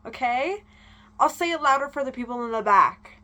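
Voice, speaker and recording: A young woman vlogger ranting in casual chat, animated and swearing freely. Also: high voice, moderate pace, muffled recording.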